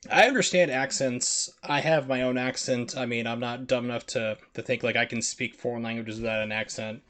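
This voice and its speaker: Male streamer, American, casual rambling commentary, average pitch. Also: fairly even intonation, fairly quick, a bit bright. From United States. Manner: rambling, filler-heavy chat with put-on voices. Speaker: game streamer.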